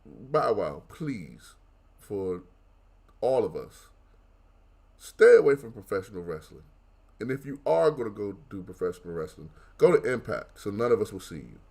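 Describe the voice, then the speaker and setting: A man guest-hosting a wrestling podcast, talking in casual banter with animated, mock-outraged rants. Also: on the low side, moderate pace, gravelly.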